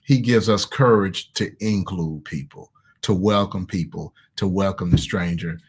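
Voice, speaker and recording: Low-voiced Southern pastor, emphatic repetition. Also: male voice, unhurried, husky. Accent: American Southern. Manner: emphatic, repeats key words. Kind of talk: conversational online sermon.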